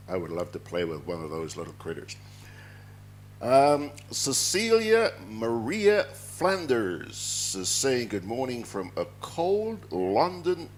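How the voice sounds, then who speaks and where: A man's voice: deep voice, a little hiss or hum. A man hosting a morning show, chatting and reading out listener greetings. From Grenada. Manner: chatty, reads listener messages aloud. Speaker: radio host.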